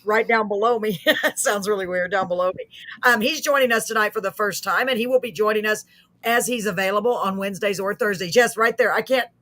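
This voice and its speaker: Bright-voiced woman hosting a live chat. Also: medium pitch, brisk. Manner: chatty and effusive, laughs often. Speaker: host of a live online show. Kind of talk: casual live-stream chat. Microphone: video call.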